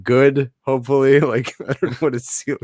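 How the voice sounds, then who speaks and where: A man's voice: medium pitch, little pitch movement, fairly quick, a little mellow, dry recording, studio quality. A young man co-hosting a casual sports podcast, tossing in wry joking asides. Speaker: podcast co-host.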